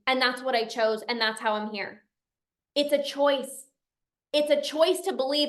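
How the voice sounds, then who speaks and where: A woman's voice: high-pitched, moderate pace. A young woman coaching listeners in an earnest, emotional motivational talk, repeating phrases for emphasis. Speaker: binge eating coach and podcast host. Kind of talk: motivational talk, reading out member comments.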